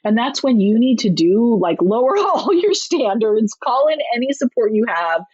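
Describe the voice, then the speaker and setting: A woman author giving candid, down-to-earth parenting advice as a podcast guest, talking briskly and laughing often. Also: fairly high pitch, sing-song, a little mellow, slightly rough, no room sound, lo-fi sound. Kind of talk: conversational advice in a podcast interview.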